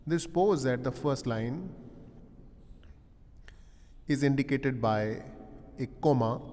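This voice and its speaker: Male lecturer, unhurried and halting, recorded in a reverberant hall. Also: mid-range voice, darkish tone. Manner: slow and deliberate, frequent "uh" pauses, rephrases points. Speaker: English literature professor.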